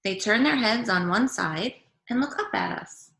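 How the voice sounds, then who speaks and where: A woman teacher reading a picture book aloud to young children over a video call, gently asking them questions as she goes. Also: mid-range voice, animated, moderate pace, gravelly. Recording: echoey room.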